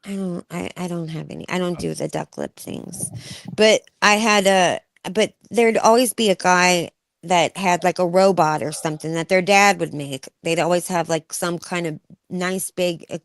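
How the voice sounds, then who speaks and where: Woman host, casual chat, lowish tone, close and dry. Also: lively intonation, normal speed, no room sound. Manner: chatty, laughs often.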